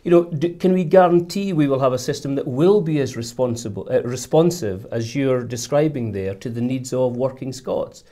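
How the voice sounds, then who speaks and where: A male host with a mellow, dark voice at an ordinary pitch. He works through his questions haltingly, full of "you know" and restarts, in a relaxed interview. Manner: thoughtful questioner, halting, many fillers. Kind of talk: casual interview chat.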